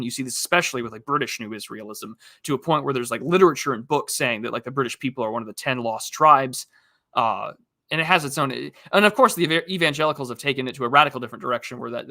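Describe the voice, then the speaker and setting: Man, livestream host, bright tone, dry close mic, rambling casual chat, lots of fillers. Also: mid-range voice, dry recording. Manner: rambling, frequent fillers and restarts, reads chat aloud.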